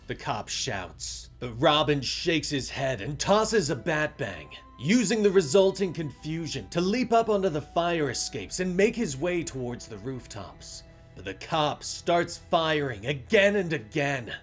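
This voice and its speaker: A man narrating a comic story in a dramatic, animated scripted style. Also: medium pitch, measured pace. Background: faint music.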